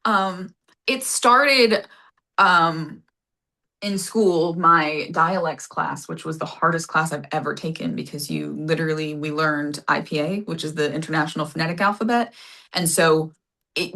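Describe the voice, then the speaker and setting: A woman with a somewhat low voice and an accent that sits between American and English. She talks at length in a casual, rambling way, often apologizing. She is speaking on a video call. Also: moderate pace, bright, forceful tone. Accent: mixed American and English. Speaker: actor and audiobook narrator, guest. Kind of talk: casual interview conversation.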